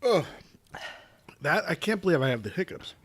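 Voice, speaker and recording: A man co-hosting a podcast, chatting casually and reacting loudly to a spicy challenge. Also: on the high side, normal speed, breathy edge. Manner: animated, swearing, hiccuping from spicy food. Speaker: podcast co-host. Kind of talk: casual chat.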